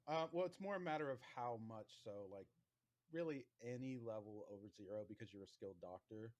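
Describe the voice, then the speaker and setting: A man acts as game master for a tabletop game, narrating in a relaxed, rambling way full of fillers. His pitch is medium and his pace brisk.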